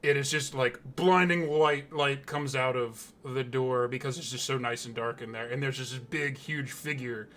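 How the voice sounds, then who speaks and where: A man, the game master, narrating a tabletop game in a slow, hushed, deliberate way. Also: medium pitch, fairly even intonation.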